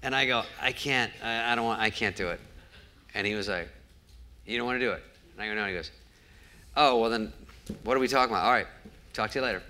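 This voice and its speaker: A man's voice: lowish voice, fast talker, long pauses, pushed and bright, slight background noise. A man telling a show-business anecdote before a live audience and acting out every quoted line of dialogue. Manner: storytelling that acts out each quoted exchange. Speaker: guest comedian. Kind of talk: onstage interview storytelling.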